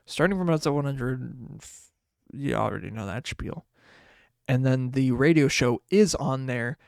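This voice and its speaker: Gravelly, rambling late-night podcast man. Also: mid-range voice, darkish tone, dry recording, studio quality. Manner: rambling, trailing off, tired and yawning. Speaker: podcast host. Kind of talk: casual solo podcast talk.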